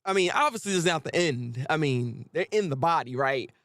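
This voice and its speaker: Male streamer, live reaction commentary; high, bouncy, gravelly delivery, dry close mic. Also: a little fast, dry recording. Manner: animated, joking, repeats words when excited.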